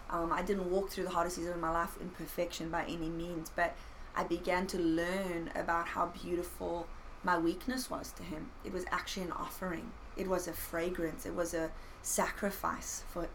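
A woman who has been a pastor, telling personal faith stories in an earnest, animated way with playful self-mockery. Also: fairly low pitch, slight background noise, low-quality recording. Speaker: pastor and podcast guest. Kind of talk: casual faith conversation.

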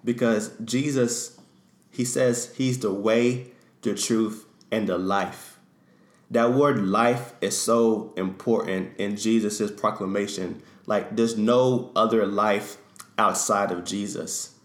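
A man's voice: lowish voice, steady tone, slow pace. A man co-hosting a faith discussion, talking in an earnest, teaching way. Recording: echoey room.

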